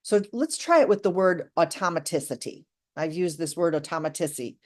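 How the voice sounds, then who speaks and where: A woman teaching an online English lesson, slow and deliberate, encouraging her students. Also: lowish voice, expressive, a little mellow. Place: live online class.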